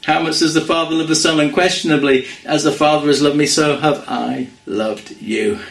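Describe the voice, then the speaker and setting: A man preaching a sermon in an earnest way, dropping to a hush when he quotes scripture. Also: fairly high pitch, fairly even intonation, moderate pace, creaky, echoey room, rough recording. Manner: earnest, drops to hushed quoting of scripture.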